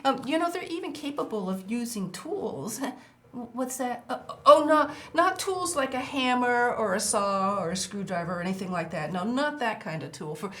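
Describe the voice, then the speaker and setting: A woman's voice: a little high, lively intonation, moderate pace, slight background noise. An older woman hosting a children's show, chatting playfully with a puppet and the kids and reading them a storybook. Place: indoor TV set.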